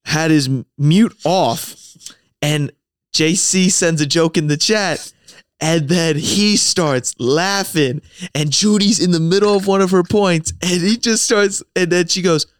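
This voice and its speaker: A man's voice: fairly high pitch, measured pace, clear, resonant tone, no echo, studio quality. A man in his twenties co-hosting a podcast, chatting casually and telling stories with easy laughs. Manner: relaxed, laughing storyteller. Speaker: podcast co-host. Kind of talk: casual chat.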